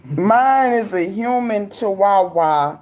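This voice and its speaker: A woman's voice: mid-range voice, lively intonation, takes it slowly, darkish tone. A young adult woman hosting a casual commentary chat, loose and talkative, laughing often and speaking with slang. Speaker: livestream host reading viewer comments.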